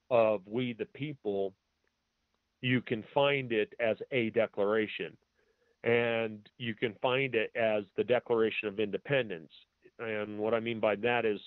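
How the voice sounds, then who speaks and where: A man hosting a talk show who speaks hesitantly with many pauses and filler words, and reads documents aloud, spelling out capitals and punctuation. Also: fairly low pitch, dry recording. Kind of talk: slow, halting talk-radio monologue. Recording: tinny, dry phone-line audio.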